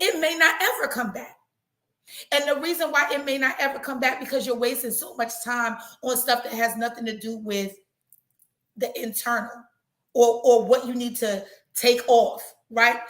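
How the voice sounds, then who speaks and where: A woman hosting a casual live talk, chatty and animated, repeating herself for emphasis. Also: high-pitched, reverberant. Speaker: host.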